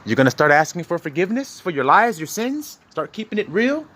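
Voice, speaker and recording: A man delivers a casual street sermon in a high, lively voice that swings across a wide range. He swears freely, and he slips into the voices of arguing couples to make his point. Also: a little fast. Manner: animated, profane, acts out quoted arguments. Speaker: online preacher.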